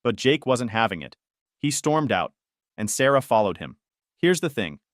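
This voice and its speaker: Male narrator, mid-pitched, animated delivery, wry and sarcastic, dry booth sound. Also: normal speed, no room sound. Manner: conversational with wry, sarcastic asides. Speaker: story narrator. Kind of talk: scripted first-person story narration.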